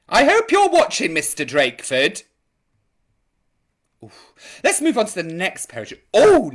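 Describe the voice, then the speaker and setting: A woman hosting a live online chat show, camp, theatrical and gossipy in her comic banter. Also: medium pitch.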